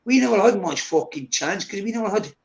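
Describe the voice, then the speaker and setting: A man's voice: high voice, expressive, fairly quick. A man in his fifties talking bluntly in a casual chat, swearing often and saying "mate" at every turn. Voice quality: gravelly. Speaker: guest on a live stream. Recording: echoey room.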